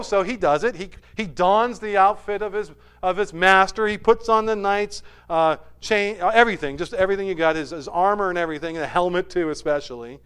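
A man retelling a movie story in an animated sermon style, swinging between loud bursts and hushed asides. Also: high-pitched, fairly quick, few pauses, clear, resonant tone. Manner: animated retelling with sudden soft drops.

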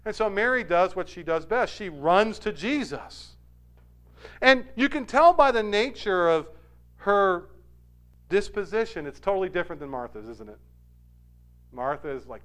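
Preacher swinging from loud to hushed. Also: male voice, fairly high pitch, normal speed. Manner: swings from loud emphatic peaks to quiet, soft asides; acts out quoted lines with feeling. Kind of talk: sermon.

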